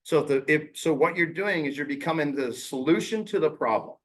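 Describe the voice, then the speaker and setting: A man coaching real estate agents in a casual, blunt way, using slang and quick impressions of clients. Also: fairly high pitch.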